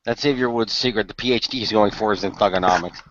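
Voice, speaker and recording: A man's voice: on the low side, fast talker, highs cut off, very noisy. A man co-hosting a casual podcast, dropping dry, matter-of-fact asides. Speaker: podcast co-host. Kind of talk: casual chat.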